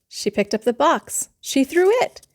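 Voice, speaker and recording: A woman reading a children's bedtime story aloud in a gentle, unhurried way. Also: high-pitched, lively intonation.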